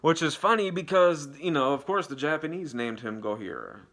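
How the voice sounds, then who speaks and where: A man's voice: a little high, big pitch swings, moderate pace, a bit bright. A young man giving a casual, rambling movie review, swearing freely and trailing off into fillers. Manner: rambling, profane, loose and unscripted.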